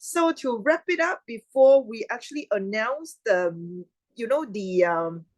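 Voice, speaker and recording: A woman hosting an online club meeting over a video call, chatty and quick to laugh. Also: fairly high pitch, lively intonation, dry recording, rough recording. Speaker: meeting host.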